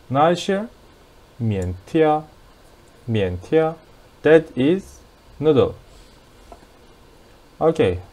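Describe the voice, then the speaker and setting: A man's voice: fairly high pitch, warm tone. A young man with a Turkish accent teaching a language lesson, explaining patiently and repeating words as drills.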